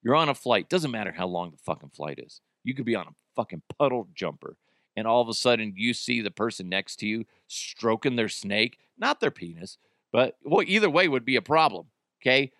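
A male podcast host in a loose, crude comedic monologue, swearing and laughing at his own jokes. His voice sits at a middling pitch and sounds dry and close to the mic. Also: very animated, fairly quick, fairly bright tone, dry recording. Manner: crude, joking, profane.

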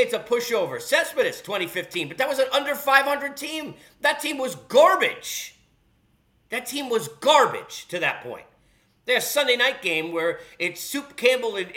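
A man's voice: very high voice, bright, forceful tone. A man hosting a sports podcast, ranting bluntly and sarcastically. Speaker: podcast host. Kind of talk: opinionated sports rant.

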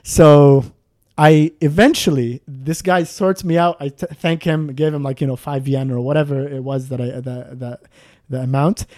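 A man in casual podcast chat, telling a travel story with lots of acted-out moments and laughter. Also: normal speed. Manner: animated, acts out scenes with rising pitch, laughs often.

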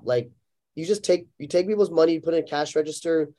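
A man's voice: a little high, fast, a little hiss or hum. A man chatting casually on a podcast, telling stories animatedly with lots of fillers. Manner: animated storyteller, acts out quotes, lots of fillers. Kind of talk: casual chat.

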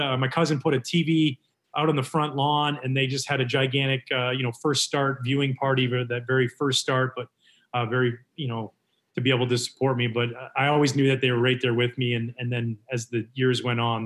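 A man from Canada tells his stories with energy, and his voice rises and falls as he acts out each person's words. He talks in a relaxed, casual way, like a guest swapping tales on a show. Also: medium pitch, fairly quick. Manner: animated storyteller acting out quotes. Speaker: former baseball pitcher, guest. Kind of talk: casual storytelling interview.

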